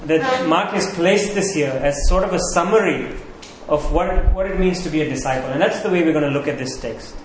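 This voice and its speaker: Emphatic preacher in an echoey hall. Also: male voice, fairly high pitch, a little hiss or hum. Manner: emphatic, repeats phrases, slows on key words. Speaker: pastor. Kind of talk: sermon. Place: church sanctuary. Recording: very echoey hall, faint ambience.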